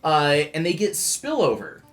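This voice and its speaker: A man's voice: on the high side, wildly swooping pitch, measured pace, a bit bright, faint music behind. A man, a game designer, casually explains character options to players, thinking aloud with frequent ums and restarts. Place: studio.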